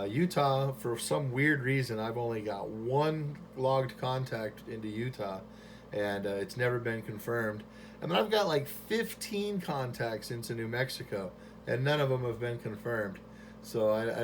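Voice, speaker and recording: A man chatting on ham radio from his home station into a boom mic, relaxed and friendly with lots of fillers. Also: slight background noise. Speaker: amateur radio operator. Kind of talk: ham radio contact chat.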